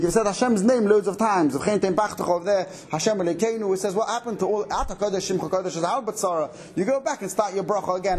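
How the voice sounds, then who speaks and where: A man giving a Torah lesson on prayer law, explaining quickly and animatedly, with many Hebrew and Yiddish terms mixed into his English. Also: high-pitched, darkish tone. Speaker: Torah teacher. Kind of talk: halacha class.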